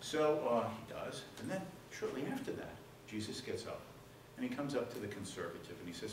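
A man giving a public lecture, telling jokes in an animated storytelling way before the serious talk. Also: lowish voice, brisk. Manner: animated storyteller, voices the joke characters. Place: lecture hall with audience. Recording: echoey hall, distant mic, room noise.

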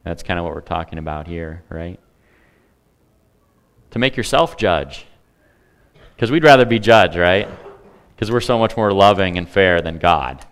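A man's voice: deep voice, expressive, unhurried, pauses often, a bit bright, smooth. A man preaching a sermon in a conversational way, with humor and asides to the congregation. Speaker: pastor.

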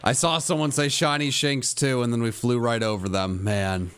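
A man's voice: medium pitch, steady tone, normal speed, a bit bright, clear, resonant tone. A young man livestreaming a game, switching between a hyped, goofy streamer voice and glum, self-mocking mutters to his chat. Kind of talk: casual livestream commentary.

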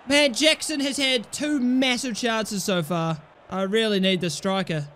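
A young man giving animated commentary over a football video game, swearing and shouting at his players in mock outrage. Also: high-pitched, unhurried, a faint crowd, a little hiss or hum. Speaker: gaming commentator.

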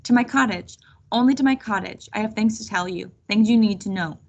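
A woman's voice: mid-range voice, a little fast, highs cut off, natural voice. A woman voicing a sly hissing old witch. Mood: coaxing. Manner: hissing, wheedling. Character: scheming sly older female witch.

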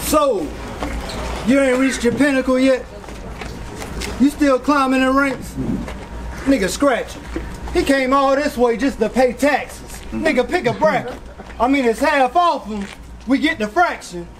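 Very high-pitched, aggressive battle rapper. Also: male voice, a little slow, pauses often. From South Carolina. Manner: boastful, aggressive, breaks into shouts and hype ad-libs. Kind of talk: battle rap performance. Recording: noisy live event with crowd ambience.

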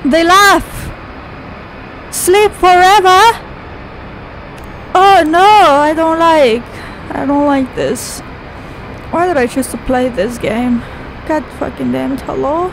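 A woman's voice: sits high, a little slow, creaky, slight background noise, rough recording. A woman playing a horror game on video, jumpy and swearing constantly, shrieking at scares. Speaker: gaming video creator. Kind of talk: horror game playthrough commentary.

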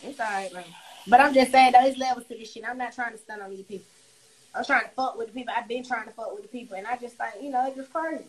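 A woman's voice: a little high, fast talker. A young woman hosting a casual livestream chat, talking bluntly and profanely as she rants at her critics. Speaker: livestream host.

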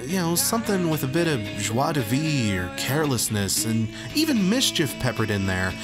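A man in his thirties, a rock critic host, delivering scripted music review commentary in an emphatic, sardonic way. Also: mid-range voice.

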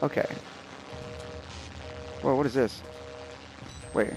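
A man's voice: medium pitch, slow, gravelly, over music. A young man giving let's play commentary, jumpy and nervous, talking back to the game's characters. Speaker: gamer.

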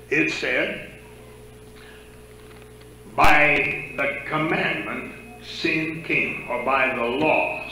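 Bright-voiced preacher in an echoey church. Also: male voice, mid-range voice, slight background noise. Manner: conversational, asks the congregation questions. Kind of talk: sermon with congregation questions.

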